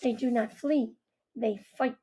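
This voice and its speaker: A carved wooden owl from a storybook speaks in measured, stern words, with a woman reader giving it voice. The tone is fairly high and unhurried. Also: steady tone, warm tone, slightly rough, heavily acted.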